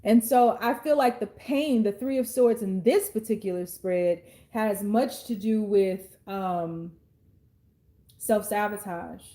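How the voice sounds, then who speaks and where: A woman's voice: mid-range voice, slow, mellow. A woman in her thirties giving an intuitive tarot reading to the viewer, chatting along with frequent fillers and restarts. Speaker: tarot card reader. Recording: roomy echo.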